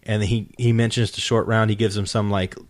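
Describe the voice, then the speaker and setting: Guy hosting a chill podcast, kinda low voice, rambles earnestly, dry close sound. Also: little pitch movement, a little fast, no room sound. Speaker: podcast host. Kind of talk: casual chat.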